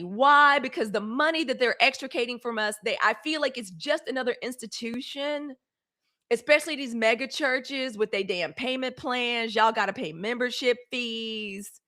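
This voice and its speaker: A woman with a Mississippi Southern accent hosts a casual livestream, talking straight to her viewers as y'all. She is blunt and fiery and swears freely. Her voice is bright and pitched a little high. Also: normal speed. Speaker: livestream host.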